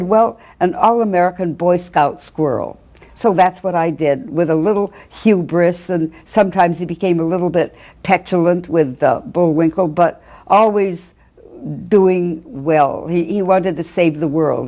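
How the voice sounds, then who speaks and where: Older woman, interview recollection, low warm voice, chatty storyteller. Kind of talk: archival interview anecdote.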